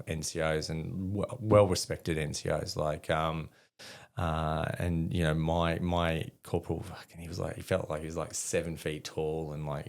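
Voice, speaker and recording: A middle-aged man with an Australian accent and a deep, low voice, yarning casually as a podcast guest. He talks bluntly, drops swear words freely and stumbles through plenty of ums and restarts. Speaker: podcast guest, army veteran. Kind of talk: casual storytelling interview.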